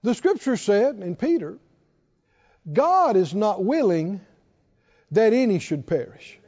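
A man preaches in a high-pitched, sing-song voice that is a little mellow, taking his time. He asks the congregation to answer back, call-and-response style, in a church sanctuary recorded with echoey, dull, lo-fi sound.

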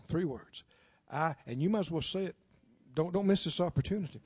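A man preaching a sermon, telling a story and driving his points home with drawn-out, impassioned emphasis. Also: a little high, animated, darkish tone, husky. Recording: dull, dry lo-fi recording.

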